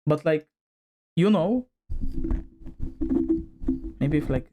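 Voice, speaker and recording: A man's voice: on the high side, animated, moderate pace, long pauses, over music. A male streamer chatting casually while testing his desk microphone, rambling with lots of fillers and drifting closer to and farther from the mic. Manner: rambling, filler-heavy, moves toward and away from the mic. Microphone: desk microphone, distance shifting.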